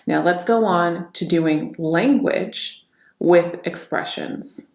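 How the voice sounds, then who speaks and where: A woman talks her viewers through practicing facial expressions and tonality, like a coach giving a lesson. Her voice sits low and has a gravelly fry to it. The room around her sounds echoey. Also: slow, a little mellow. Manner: demonstrates emotions by repeating one line in many tones. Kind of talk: instructional talk to camera.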